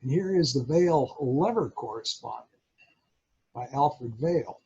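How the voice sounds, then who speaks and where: A man's voice: mid-range voice, lively intonation, slow pace, darkish tone, slightly rough, highs cut off. A man presenting at a radio club, explaining in a show-and-tell talk and sounding out Morse code.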